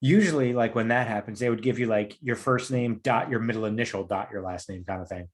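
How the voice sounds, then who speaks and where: A man's voice: lowish voice, fairly quick. A man co-hosting a podcast, easygoing and teasing in casual chat. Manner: easygoing, laughs along, teasing. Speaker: podcast co-host.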